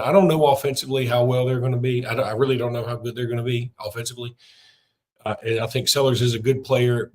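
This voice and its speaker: A middle-aged man, hosting a sports podcast in a chatty, rambling way with lots of fillers. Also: mid-range voice. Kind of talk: casual podcast talk with a read ad.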